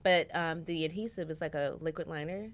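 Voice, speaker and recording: A woman with a low-pitched voice talks a little fast. She's a makeup artist appearing as a podcast guest, chatting casually about her work with plenty of fillers.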